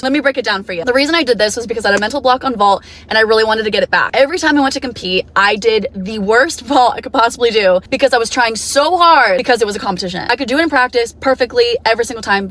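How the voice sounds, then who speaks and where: A woman's voice: fairly high pitch, fairly bright tone. A young woman vlogger telling a candid, chatty story to camera, swearing casually.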